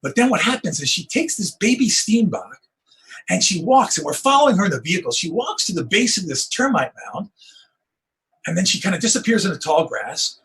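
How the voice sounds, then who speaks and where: A middle-aged man, a wildlife photographer, telling stories in an interview, acting out the moments with rising excitement. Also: high voice, fairly quick, slightly rough, poor audio. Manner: animated storyteller, acts out moments with rising excitement. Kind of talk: storytelling interview on a video call.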